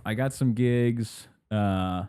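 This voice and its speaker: A man in his thirties hosts a podcast alone, with a low, mellow voice. He rambles through casual chat, cutting himself off and restarting, and he slips into playful impressions of other people. He laughs easily between thoughts. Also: takes it slowly, clear, resonant tone. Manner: rambling, self-interrupting, laughs often, acts out quotes. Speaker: podcast host.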